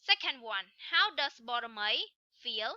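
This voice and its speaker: A woman's voice: on the high side, expressive, pushed and bright, dry recording, highs cut off. A woman teaching an English listening lesson, explaining each step and then repeating it in Khmer. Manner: clear, slow, instructional delivery of examples. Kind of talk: recorded online lesson.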